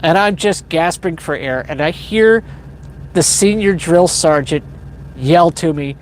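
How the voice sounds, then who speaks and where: A man's voice: on the high side, unhurried. A man hosting a livestream, telling a long story in a casual, rambling way, correcting himself and chuckling often. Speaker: livestream host. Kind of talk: casual spoken storytelling to a live chat.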